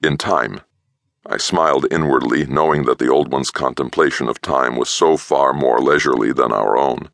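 A man narrating an audiobook in the first person, measured and expressive. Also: rumbling low, creaky, no room sound, clean studio sound.

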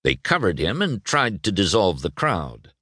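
A man narrating a children's storybook at an unhurried pace, his pitch rising and falling broadly. The voice sits a bit low and the recording is dry and close. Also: breathy edge, dry recording. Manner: expressive, voices every character. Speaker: audiobook narrator.

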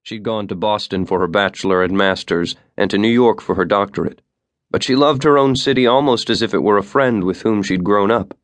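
A male audiobook narrator with a fairly low voice reads in a measured, steady way. The recording is close and dry, with no room around it. Every sentence is evenly paced. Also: no room sound. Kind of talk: scripted narration.

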